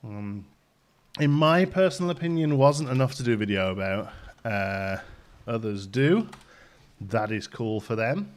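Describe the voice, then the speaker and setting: A man's voice: mid-range voice, animated, measured pace. A man hosting a casual live stream, greeting viewers by name and rambling with ums while out of breath.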